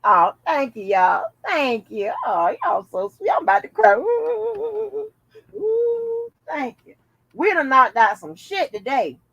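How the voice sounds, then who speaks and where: A woman's voice: on the high side, big pitch swings, unhurried, a bit bright, breathy edge, no room sound, highs cut off. A woman hosting a casual commentary vlog, chatting bluntly and jokingly to her viewers with plenty of profanity. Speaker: channel host.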